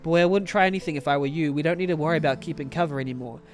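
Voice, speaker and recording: A man's voice: a little high, racing, close to an everyday voice. A man reading the lines of a threatening male ship guard in a blustering way, over game music.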